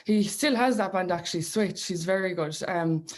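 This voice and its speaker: A woman's voice: on the low side, moderate pace. Young Clare woman, radio guest, chatty and rambly, laughs a lot. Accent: Clare Irish. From Ireland. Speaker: guest singer. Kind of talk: casual radio interview chat.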